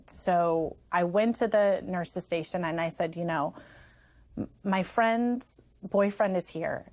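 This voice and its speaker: A woman recounting events as a friend in a documentary interview, acting out quoted dialogue. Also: mid-range voice.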